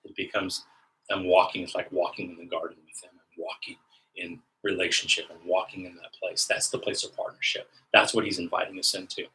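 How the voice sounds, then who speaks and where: Bright-voiced man teaching on prayer. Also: deep voice, level tone, brisk, low-quality recording. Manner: earnest, repeats phrases and restarts often. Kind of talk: teaching sermon.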